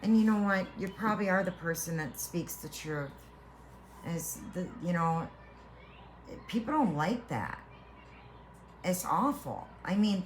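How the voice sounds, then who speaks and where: A woman tarot reader speaks slowly and earnestly in a lowish voice, offering a heartfelt spiritual reading. She halts and restarts her phrases as she reassures the listener. A faint hum of background noise sits under her voice. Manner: halting with repeated restarts.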